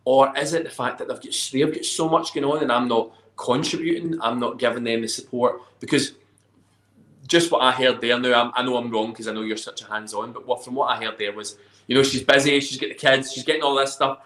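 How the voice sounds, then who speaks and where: A man's voice: medium pitch, steady tone, brisk, fairly bright tone. A man in a casual chat giving thoughtful advice about connection and honesty. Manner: reflective, gives advice. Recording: echoey room.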